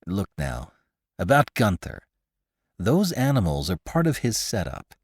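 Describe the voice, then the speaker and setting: A man plays a slight, nervous space photographer in a dry, close audiobook reading. His jittery, excitable lines jump all over in pitch, quick to alarm and quick to cheer. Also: husky, dry recording, exaggerated voice. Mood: earnest.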